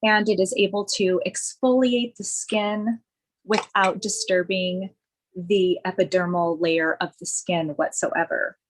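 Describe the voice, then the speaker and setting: A woman esthetician leads a skincare demonstration, gushing with enthusiasm over each product. She speaks very slowly at an ordinary pitch. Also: steady tone, poor audio.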